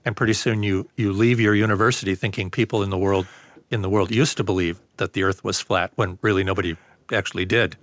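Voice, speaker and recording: A man speaks as a guest in an interview, talking in a measured, lecturing manner that is full of ums and uhs. His voice sits on the low side. The recording is dry, with no room sound. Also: fairly even intonation, a bit bright, no echo. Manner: measured, lecturing, with many fillers. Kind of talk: conversational interview.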